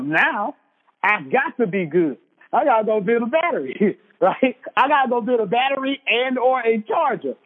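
With a high-pitched voice, this man delivers a preachy motivational speech, emphatically repeating lines for impact. His sound is tinny and phone-like, trailed by a long hall reverb.

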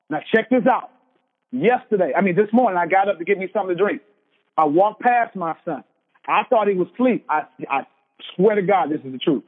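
A man's voice: high voice, expressive, brisk, husky. A man in his thirties giving an emphatic motivational speech, hammering points home by repeating them. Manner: preachy, emphatic, repeats lines for effect. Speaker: motivational speaker. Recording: tinny phone-like sound with long hall reverb.

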